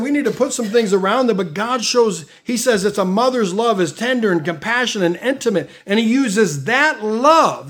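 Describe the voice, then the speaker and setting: A man's voice: sits high, fairly bright tone. A middle-aged man preaching a sermon, reading scripture aloud with emphatic rises in his delivery. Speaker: pastor.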